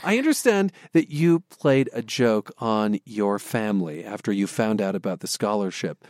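Lively-voiced male radio host. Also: on the low side, normal speed, dry recording. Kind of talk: radio interview. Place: radio studio.

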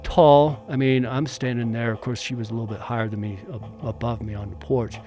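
Soft music plays behind this former bodyguard as he's interviewed, speaking fairly quickly at a medium pitch. The middle-aged man tells a personal story in a relaxed, animated way, performing each quote he relays.

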